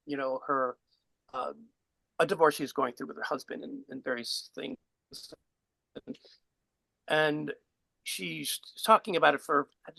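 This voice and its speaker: Gravelly, bright-toned man telling a story. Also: on the high side, no echo, poor audio. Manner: relaxed, rambling, chuckles while telling. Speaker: guest speaker. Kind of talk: casual spiritual teaching with storytelling.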